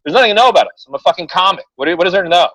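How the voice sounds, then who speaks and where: Young man, podcast co-host, animated storytelling, slightly high voice, dry close sound. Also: rapid-fire, dry recording, poor audio. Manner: animated, swearing, mimics voices in his stories. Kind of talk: casual storytelling chat.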